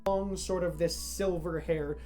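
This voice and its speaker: A man's voice: on the high side, fairly even intonation, measured pace, dark tone. A man narrating as game master of a tabletop game, rambling with lots of fillers. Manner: rambling, full of fillers and laughs.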